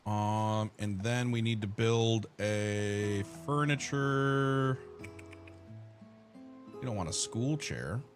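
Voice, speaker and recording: A man's voice: lowish voice, drawn-out words, faint music behind. A man streaming a game, chatting casually and profanely with his viewers and his characters while he plays. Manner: profane, joking, talks to chat and his characters. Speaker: gaming streamer. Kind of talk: casual let's-play commentary.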